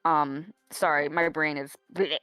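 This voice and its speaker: A woman playing a tabletop role-playing game, speaking haltingly with many restarts. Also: deep voice, fairly even intonation, a bit bright, no echo. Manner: hesitant, halting, full of restarts. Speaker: player. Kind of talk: tabletop role-play chat.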